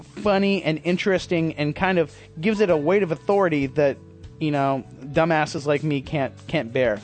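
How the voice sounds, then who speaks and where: A man hosting his podcast in a rambling, self-deprecating casual monologue, swearing freely. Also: on the high side. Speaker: podcast host.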